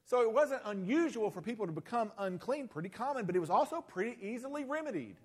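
A man with a high-pitched voice delivers a sermon. He speaks deliberately and repeats key phrases for emphasis, building each point step by step. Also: lively intonation, darkish tone, husky. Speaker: preacher.

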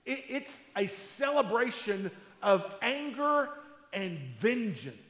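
A man preaching a sermon in a conversational storytelling way, with emphatic pauses, in a large hall. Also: very high voice, expressive, a bit bright. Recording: echoey hall with long reverb.

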